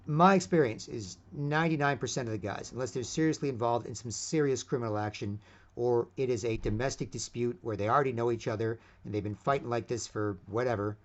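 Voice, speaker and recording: Middle-aged guy rambling on his own channel, swears a lot, keeps saying right, muffled lo-fi audio. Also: mid-range voice. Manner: rambling, ends phrases with "right?"; profane and blunt. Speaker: video host. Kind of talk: casual rambling monologue. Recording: dull lo-fi recording.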